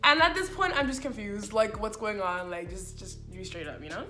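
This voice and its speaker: A woman's voice: medium pitch, moderate pace, few pauses, pushed and bright. A young woman telling a personal story in a chatty vlog, acting out quoted lines of dialogue. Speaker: vlogger. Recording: echoey room with faint music.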